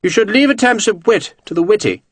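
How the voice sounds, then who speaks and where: Suave renegade officer, mocking, cheerful, higher lilting voice, as a man reads him. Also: lively intonation, fairly quick, no room sound. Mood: amused, urbane.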